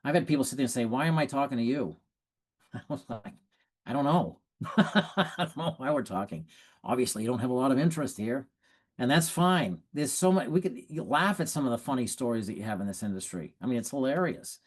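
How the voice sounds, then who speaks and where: Animated man coaching on sales. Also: mid-range voice, a little fast. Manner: animated, acts out prospects and quotes; laughs at own stories. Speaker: sales trainer. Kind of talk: coaching talk.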